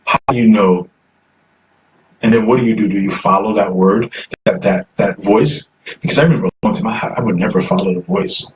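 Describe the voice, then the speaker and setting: Brisk and lowish-voiced, this host runs a live call-in stream, reading comments out loud and chattily urging viewers to call. The recording has faint noise from a distant mic.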